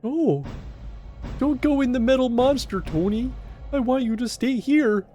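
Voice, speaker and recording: Man doing a high, sulky pet-dog voice, dramatic and excitable. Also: measured pace, soft background music. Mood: pleading. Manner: whiny, sulky and over-dramatic.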